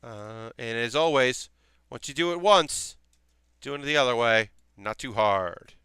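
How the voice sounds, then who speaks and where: Young guy on a live stream building a model kit, bright super clear voice, talks to chat and backs up and restarts a lot. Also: mid-range voice, unhurried, no echo. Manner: chatty, reassuring, thinks aloud with restarts.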